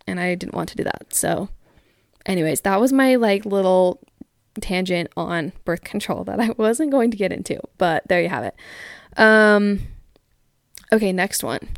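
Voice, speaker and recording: A woman's voice: medium pitch, lively intonation, normal speed, no echo, clean studio sound. A woman in her twenties hosting a casual talk show, chatting candidly and reading listener stories, with frequent "like" fillers. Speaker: podcast host.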